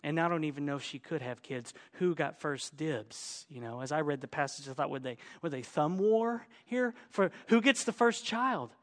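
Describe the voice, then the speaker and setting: A male pastor preaching a sermon, explaining scripture verse by verse, moving between hushed and emphatic delivery. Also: fairly high pitch, lively intonation, normal speed, hardly any pauses, big-room sound.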